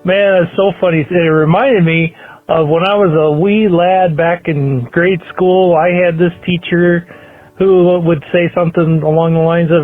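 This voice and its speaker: A man's voice: sits high, steady tone, a little slow, soft background music. A man leaving a rambling, hesitant voicemail as a fan of the show. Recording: tinny phone line.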